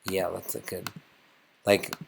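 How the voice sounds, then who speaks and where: A man's voice: low voice, completely flat delivery, slow pace, vocal fry, very noisy. A man teaching a casual music lesson, thinking aloud and getting enthusiastic as he composes.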